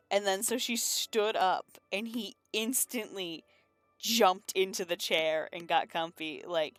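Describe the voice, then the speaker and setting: A woman's voice: on the low side, fairly even intonation, moderate pace, clean tone, no echo, soft background music. A woman streaming from her room at home, chatting casually and rambling while she works on comics, laughing often and swearing now and then. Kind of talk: casual chat while drawing.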